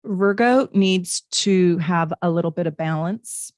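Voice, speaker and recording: A woman's voice: fairly low pitch, a little slow, darkish tone, no echo, studio quality. A woman hosting a live-stream tarot reading, chatting in a bubbly way with viewers and reading their comments aloud.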